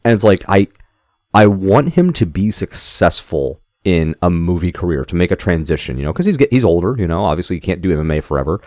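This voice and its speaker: A man's voice: low-pitched, animated, fairly quick, darkish tone, no room sound, studio quality. A man co-hosting a movie podcast, chatting casually in a rambling, profane way with many restarts. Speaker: podcast co-host. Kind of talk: casual chat.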